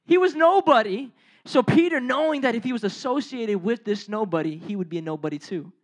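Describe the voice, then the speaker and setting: Talking fast in a mid-range voice, a preacher gives a relaxed, conversational sermon that retells a Bible story in slang. He performs the characters' lines, addresses the audience directly, and asks them questions.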